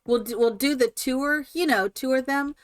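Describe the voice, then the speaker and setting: Excitable, gushing woman streamer. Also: high voice, a little slow, clean tone, dry recording. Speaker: streamer host. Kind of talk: live-stream chat while building in a game.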